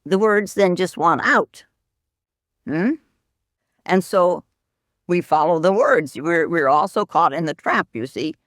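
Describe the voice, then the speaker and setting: Slow, reflective woman teacher. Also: lowish voice, lively intonation, fairly bright tone, no room sound, studio quality. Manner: slow, reflective, with questioning asides. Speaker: Zen teacher. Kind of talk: dharma talk.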